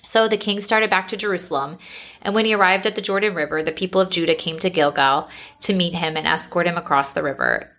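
A woman giving a steady, measured reading of scripture. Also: fairly low pitch. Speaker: Bible reader.

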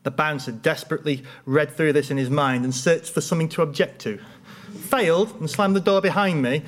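Wry, deadpan male storyteller. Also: a little high, brisk. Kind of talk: humorous personal storytelling.

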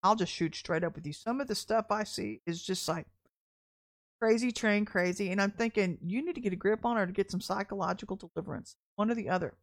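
A woman's voice: mid-range voice, a little fast. A woman preacher, telling a personal story in a candid, chatty sermon and laughing often. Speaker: deliverance minister.

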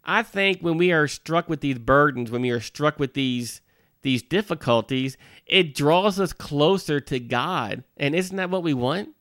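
Bright, crisp-voiced male minister. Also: fairly high pitch, lively intonation, measured pace, no echo, studio quality. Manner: conversational, with frequent "you know" asides and restarts. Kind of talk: folksy devotional talk to parents.

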